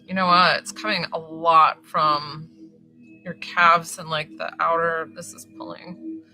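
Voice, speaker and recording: Woman healer, live-stream session, bright forceful voice, rambling and reassuring. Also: deep voice, flat delivery, a little slow. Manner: chatty and rambling, many fillers; reassuring, affirming. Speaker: spiritual healer. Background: faint music.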